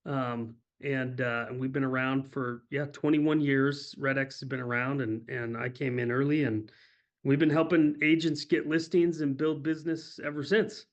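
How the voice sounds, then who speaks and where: A man's voice: mid-range voice, flat delivery, normal speed. Easygoing man guesting on a webinar. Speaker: guest, company president. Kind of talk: casual interview chat. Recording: muffled lo-fi web audio.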